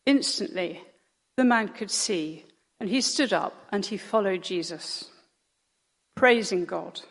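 A woman reading a Bible story aloud in church, telling it slowly and dramatically. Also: medium pitch, animated, gravelly, husky. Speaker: scripture reader. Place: church hall. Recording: long church reverb.

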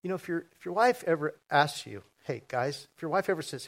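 Lively joking pastor, fairly high voice. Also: male voice, vocal fry. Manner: joking, audience-engaging, fast and lively. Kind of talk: sermon. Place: church sanctuary before a congregation.

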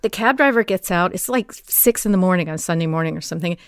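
An older woman interviewing a guest, asking questions and telling a vivid story in an animated way. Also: on the low side, quick pace, clear, resonant tone, dry recording, clean studio sound. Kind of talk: conversational interview.

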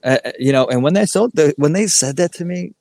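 A man's voice: fairly high pitch, expressive, quick pace, creaky, a little mellow, no room sound. A middle-aged man from the American Midwest telling a rambling story as a guest, full of "like" and "you know" with many restarts. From Midwest United States. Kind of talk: casual storytelling interview.

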